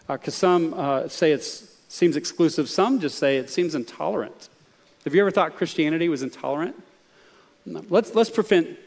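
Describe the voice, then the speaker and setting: A man's voice: fairly high pitch, long reverb tail. A man preaching a sermon in a conversational way, often asking his listeners questions. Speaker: pastor.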